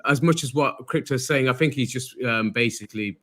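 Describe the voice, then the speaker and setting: A man's voice: medium pitch, fairly quick, pushed and bright. An English man with a hesitant, rambling manner, chatting casually as a panelist on a live fan stream. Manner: rambling, hesitant, many fillers.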